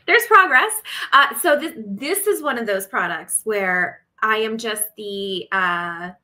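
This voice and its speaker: Bright, chatty woman on a video call. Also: medium pitch, animated, slow pace. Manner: chatty and giggly, trailing off mid-sentence. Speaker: co-host of a craft shop live stream. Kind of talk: casual chat.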